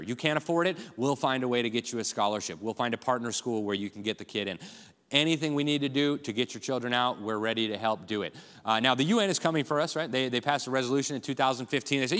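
A fast, urgent man delivers a rallying speech from a conference stage. His voice rings out with a long hall reverb behind it. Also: mid-range voice, fairly bright tone. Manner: urgent, rallying, addresses crowd as folks. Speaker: conference speaker.

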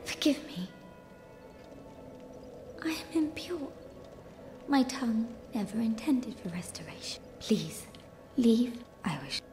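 A meek, timid young fire keeper in a video game, speaking in a hushed and halting whisper. Her voice sits a little high and moves slowly. Faint music plays underneath. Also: very animated.

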